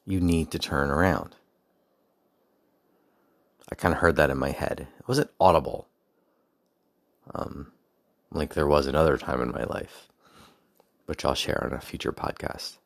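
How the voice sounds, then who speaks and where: A man's voice: very deep voice, moderate pace, creaky, pauses often, dry recording, clean studio sound. A young adult man hosting a podcast, telling a personal story in a rambling, casual way with restarts and asides, and reflecting on his faith. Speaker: podcast host.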